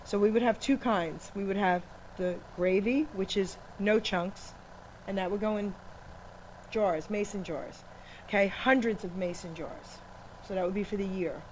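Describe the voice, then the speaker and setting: Teasing animated woman radio host. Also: medium pitch, measured pace, rough recording. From Italian-American family. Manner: teasing, animated, laughs often. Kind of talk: casual chat. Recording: live radio studio with faint noise.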